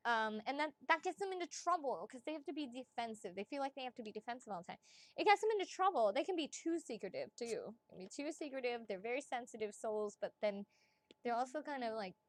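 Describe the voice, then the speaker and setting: Chatty excitable woman, higher voice. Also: fast, no room sound. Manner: chatty and excitable, laughs often; blunt, swears casually. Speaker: psychic reader. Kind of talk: casual livestream chat.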